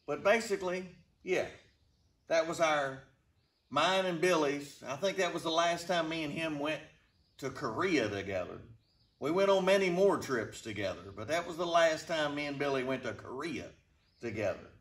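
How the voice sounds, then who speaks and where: A man casually telling a funny travel story to his channel, with a slow, deadpan drawl. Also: on the high side. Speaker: storyteller vlogger. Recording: roomy, distant from the mic.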